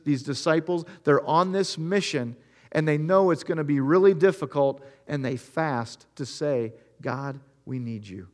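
A man preaching a sermon, retelling Bible stories and speaking earnestly to the listeners. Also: fairly high pitch. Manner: storytelling, acting out Bible scenes in quoted voices; earnest, addresses listeners directly. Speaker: pastor.

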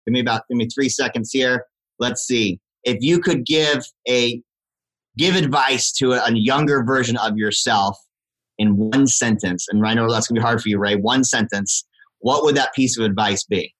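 A man who is a fitness instructor, speaking as a guest on a podcast in a measured, earnest way. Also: mid-range voice, a bit bright, poor audio. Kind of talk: podcast interview talk.

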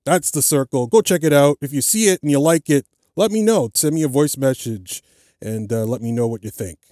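A man's voice: mid-range voice, a little fast, warm tone, no room sound, studio quality. A man hosting a podcast alone, talking casually and rambling with many fillers and restarts. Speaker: podcast host. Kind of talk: casual solo podcast chat.

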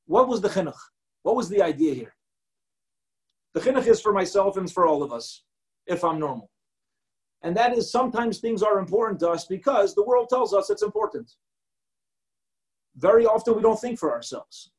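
High-voiced man telling a Torah story. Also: moderate pace, long pauses, low-quality recording. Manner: animated storyteller, acts out quotes, mixes in Hebrew and Yiddish terms. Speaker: rabbi giving a Torah talk.

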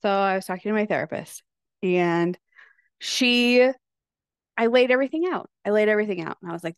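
A woman's voice: medium pitch, a little fast, clear, resonant tone, no room sound, studio quality. A woman in her thirties hosting her own podcast, talking candidly in a chatty confessional way and swearing freely. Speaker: podcast host. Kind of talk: casual confessional podcast monologue.

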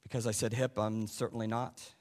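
A male pastor preaching a sermon, asking the congregation rhetorical questions and swinging between loud stressed points and quiet asides. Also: lowish voice, level tone, fairly quick.

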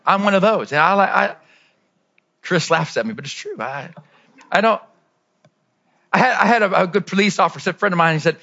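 A man preaching a lively sermon as pastor, dropping to low asides and rising to shouted peaks. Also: a little fast, vocal fry, long pauses, highs cut off.

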